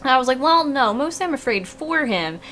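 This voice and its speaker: A young woman streamer in casual chat, telling funny stories with an animated, laughing delivery. Her voice sits high and swings widely in pitch. It has a bright edge over faint background hiss. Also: quick pace. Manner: animated storytelling, laughing often.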